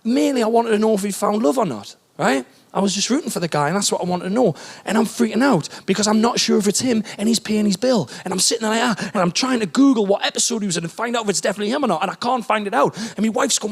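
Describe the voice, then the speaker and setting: A stand-up comedian, a man, telling an excitable story on stage that builds to shouts. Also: sits high, fast.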